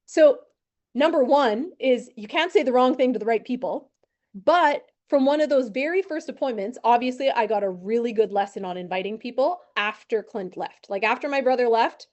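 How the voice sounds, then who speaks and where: Woman in her 30s coaching new agents, bit high voice, animated storytelling. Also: lo-fi sound. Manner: lively anecdotal storytelling with acted quotes and laughs. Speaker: insurance and financial advisor training new agents. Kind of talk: storytelling talk to a team.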